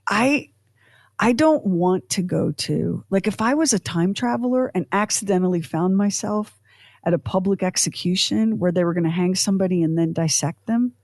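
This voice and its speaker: A woman co-hosting a podcast, in chatty, animated casual talk full of fillers and asides. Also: medium pitch, normal speed, no room sound, clean studio sound. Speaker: podcast co-host. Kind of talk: casual chat.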